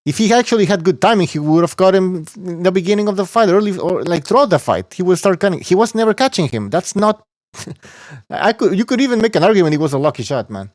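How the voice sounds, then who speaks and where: A man hosting a boxing podcast talks bluntly and with scorn, swearing casually as he dismisses fighters. His voice sits fairly high for a man. The sound is close and dry, with no room around it. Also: expressive, quick pace, a little mellow, no room sound. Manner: blunt, scoffing, curses freely. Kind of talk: casual profane boxing talk.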